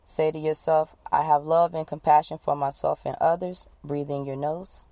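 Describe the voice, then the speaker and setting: Woman calmly guiding a breathing exercise. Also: sits low, no room sound. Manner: calm, instructive, repeats cues slowly. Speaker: wellness coach.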